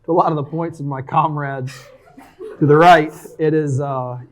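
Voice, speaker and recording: A man speaking as a guest on a live panel, animated and joking, dizzy from hot food. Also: fairly high pitch, moderate pace. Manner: animated, joking, laughs often. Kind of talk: casual panel talk.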